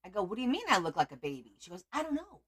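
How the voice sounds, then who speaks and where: Chatty middle-aged woman, slightly low voice. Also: big pitch swings, rapid-fire, a bit bright, breathy edge. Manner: chatty, rambling, greets viewers by name. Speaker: livestream host. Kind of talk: casual livestream chat.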